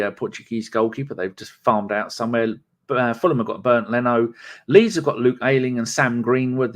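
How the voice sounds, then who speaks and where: A man hosting a casual live-stream podcast, rambling, reading out viewer comments and stumbling over names. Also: mid-range voice. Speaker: podcast host.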